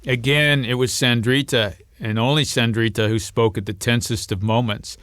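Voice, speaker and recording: A man narrates a novel in a steady, measured reading voice. His tone is smooth and resonant at an ordinary middle pitch. The sound is close and dry, with no room around it. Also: no echo. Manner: steady storytelling, lifts pitch and volume for quoted voices. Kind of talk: audiobook reading.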